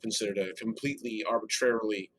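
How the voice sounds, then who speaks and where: Husky low-voiced man playing a game. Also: fairly even intonation, quick pace, fairly bright tone. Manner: thinking aloud, loose and chatty. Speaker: player. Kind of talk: casual tabletop game talk.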